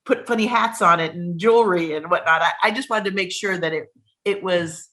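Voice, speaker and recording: A woman children's author talks quickly and brightly in an interview. She reads her own picture book aloud with animated, storybook emphasis. Her voice sits slightly low for a woman. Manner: lively, quick talk with animated storybook reading.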